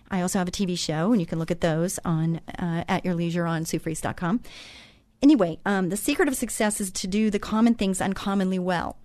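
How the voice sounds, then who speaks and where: A middle-aged woman hosts her own talk show with a chatty, folksy way of telling stories. She is earnest and a touch preachy, repeating her lessons for emphasis and filling gaps with um and uh. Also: lowish voice. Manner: chatty, folksy storytelling with frequent um and uh. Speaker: radio show host. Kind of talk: motivational talk show monologue.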